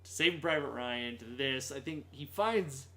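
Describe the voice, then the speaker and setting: A man's voice: mid-range voice, normal speed, bright, forceful tone. A man co-hosting a casual podcast chat, easygoing and agreeable, laughing often. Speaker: podcast co-host.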